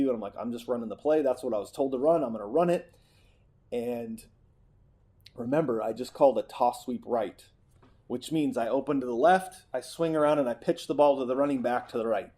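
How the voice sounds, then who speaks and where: A middle-aged man hosting a podcast, telling a personal story as a monologue and acting out the quoted lines with energy. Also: medium pitch. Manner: animated storyteller who acts out quotes. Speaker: podcast host.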